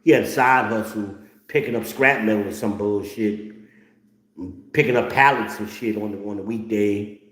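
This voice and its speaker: A man's voice: lowish voice, normal speed, fairly bright tone, reverberant. A middle-aged man hosting a blunt, profane, mocking rant. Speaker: host. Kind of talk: ranting commentary.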